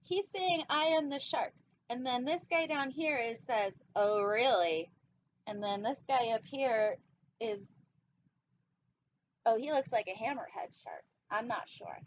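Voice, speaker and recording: Goofy woman host reading a picture book aloud, high voice, rambling, slightly muffled recording. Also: unhurried, slight background noise. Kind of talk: casual storytime reading. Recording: dull lo-fi recording.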